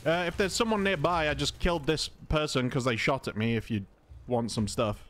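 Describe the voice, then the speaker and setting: A man from England with an English accent, calmly talking through a video game in casual commentary, polite and chatty. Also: mid-range voice, a little fast, a little hiss or hum. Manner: calm, conversational, polite even when insulted. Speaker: gaming video host.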